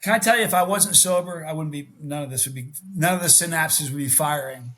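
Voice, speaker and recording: A man's voice: a little high, a little fast, a little hiss or hum. A middle-aged man, a guest on a casual podcast, who tells stories animatedly and acts out the voices in them. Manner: animated storyteller, acts out quotes. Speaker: guest, hot sauce reviewer.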